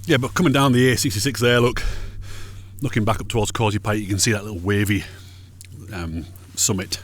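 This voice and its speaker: A man's voice: on the low side, fairly even intonation, fairly quick. A man, chatting casually and jokingly while walking along a mountain ridge outdoors. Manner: chatty, jokey, rambling asides. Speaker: hiking vlogger.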